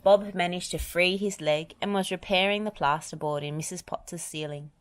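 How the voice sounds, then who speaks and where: A woman narrating a children's story aloud in an expressive, animated way. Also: lowish voice, moderate pace, clean tone.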